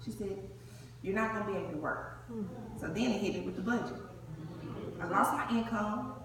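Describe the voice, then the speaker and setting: A woman's voice: mid-range voice, a little fast. Woman telling her story in an echoey hall. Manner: animated, acts out the dialogue. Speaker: breast cancer survivor giving a testimony. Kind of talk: storytelling testimony to a live audience. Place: large hall before an audience. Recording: echoey hall, far from the mic, crowd noise.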